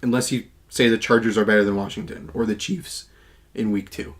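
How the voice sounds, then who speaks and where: A man's voice: lowish voice, steady tone, fairly quick. A man co-hosting a podcast, arguing his football picks confidently and listing his points. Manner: confident, argumentative, lists points. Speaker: podcast co-host. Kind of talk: casual sports chat.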